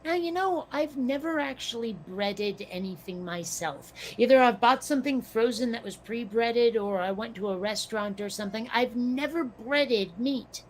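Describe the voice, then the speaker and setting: Chatty woman, a bit hoarse. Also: fairly high pitch, expressive, moderate pace, few pauses, a little hiss or hum. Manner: chatty, musing, self-questioning. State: slightly hoarse, losing her voice. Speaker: podcast co-host. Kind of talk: casual chat.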